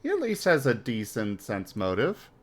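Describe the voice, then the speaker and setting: A man's voice: medium pitch, wildly swooping pitch, moderate pace. Man thinking aloud at a game table. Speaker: player. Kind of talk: tabletop role-play.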